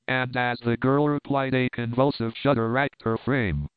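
A male narrator reads the story in a steady, formal manner. His voice is smooth and sits at a middle pitch. The sound is dry and close, and it passes through a thin, phone-like band. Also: normal speed, hardly any pauses, no echo. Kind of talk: audiobook narration.

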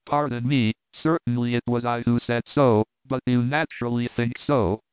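A man voicing an oily, sinister male spy, smooth and ingratiating, in a storybook reading. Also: medium pitch, steady tone, moderate pace, no room sound, lightly acted. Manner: smooth, ingratiating, fishing for confidences. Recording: tinny phone-like audio.

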